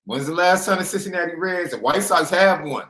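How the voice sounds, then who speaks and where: A man's voice: sits high, a little fast, bright, forceful tone, echoey room. A man co-hosting a sports podcast in casual chat, teasing and laughing as he argues. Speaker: podcast co-host.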